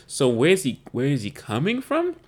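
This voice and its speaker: A man's voice: on the high side, wildly swooping pitch, normal speed, darkish tone. A man co-hosting a podcast in casual chat, laid-back and slangy, turning reflective. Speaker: podcast co-host.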